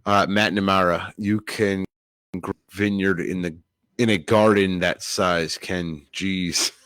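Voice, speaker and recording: A man's voice: sits low, fairly even intonation, takes it slowly, fairly bright tone, clean tone, dry recording. A man hosting a podcast, joking and bantering casually with friends. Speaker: podcast host. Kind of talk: casual chat among friends.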